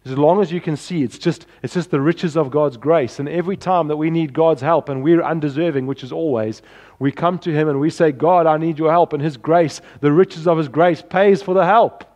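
A man preaching from the pulpit in an earnest, pleading way, his voice sitting a little higher than most men's. He often lets phrases sink to a soft close. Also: normal speed. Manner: earnest, pleading, drops softly at ends of phrases. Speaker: pastor. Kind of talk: sermon.

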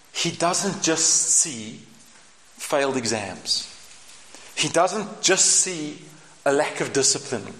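A man preaching a sermon in an animated, humorous way, acting out the voices in the scripture. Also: fairly high pitch. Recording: echoey room with background noise.

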